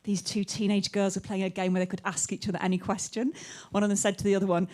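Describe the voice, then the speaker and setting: A woman from England doing live stand-up in a comedy club. She talks quickly and casually, swears a lot and fills her pauses with "um". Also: mid-range voice, little pitch movement, darkish tone. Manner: chatty, quick, sweary, many ums.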